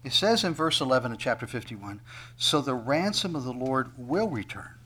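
A man preaching a sermon, reading scripture aloud and swinging from loud emphatic declarations to hushed whispers. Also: medium pitch, very animated, normal speed, husky, poor audio. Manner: acts out dialogues with God in other voices. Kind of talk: sermon, Bible teaching.

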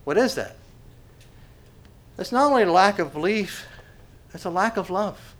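A pastor preaching a sermon, mixing conversational asides and repeated words with emphatic, rising stresses on key phrases. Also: male voice, sits high, expressive, a little slow.

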